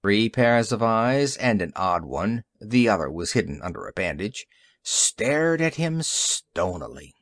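A man narrating an audiobook story in an expressive, varied reading. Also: fairly low pitch, measured pace, no room sound, studio quality. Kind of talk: scripted narration.

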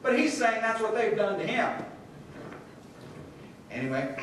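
A man's voice: sits high, big pitch swings, takes it slowly, long pauses, slight background noise. A middle-aged male pastor preaching a sermon, telling the story and acting out the quoted voices. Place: church sanctuary. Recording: echoey hall from far off.

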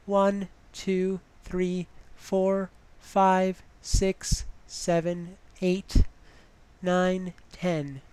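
A woman's voice: mid-range voice, a little mellow, no echo. A woman giving advice in a casual vlog, chatty and full of "you know" fillers.

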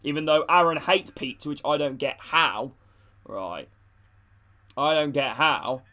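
With a fairly high-pitched, sharp-toned voice, a young man speaks at an unhurried pace while streaming a football video game. He greets his chat, rallies his teammates, and swears casually as he plays.

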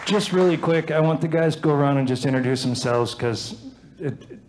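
A man hosting a live studio event, introducing performers in an earnest, halting way with fillers. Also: on the high side, a crowd in the background. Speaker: event host. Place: TV studio before a live audience.

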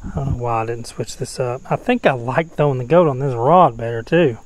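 A man's voice: medium pitch, brisk. Man, fishing vlogger, casual rambling chat, faint outdoor background noise. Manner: laid-back, rambling, talks to viewers. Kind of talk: casual on-camera fishing vlog. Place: outdoors on the water.

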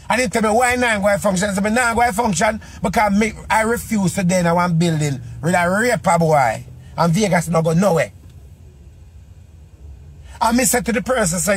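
A man's voice: high voice, a little fast, breathy edge. A man with a Jamaican Patois accent giving a casual monologue, full of repeated rhetorical questions.

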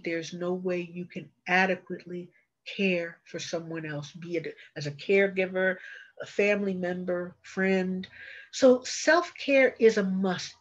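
An older woman, a retired social worker, giving an earnest, encouraging webinar talk with frequent restarts, heard over a video call. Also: medium pitch. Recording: slightly dull video call audio.

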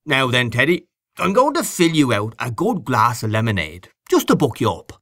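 A man's voice: medium pitch, huge pitch swings, moderate pace, fairly bright tone, dry recording, studio quality, voice pushed up. A man voicing a jovial, joking old man fond of his whiskey. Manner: sly, joking.

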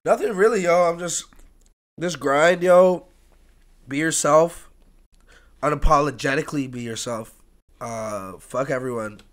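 A young man chatting casually as a podcast guest, swearing freely and swinging from soft talk to loud, laughing bursts. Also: fairly high pitch, unhurried, long pauses. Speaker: guest, music producer and tattoo artist.

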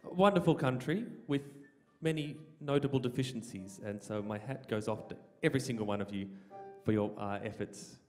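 A comedian with an Australian accent working as an awards MC, talking in mock-stern, dry deadpan patter on stage. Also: male voice, medium pitch, normal speed. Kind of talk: stand-up comedy with a sung comic song. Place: large event hall, on stage. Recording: hall reverb, music behind.

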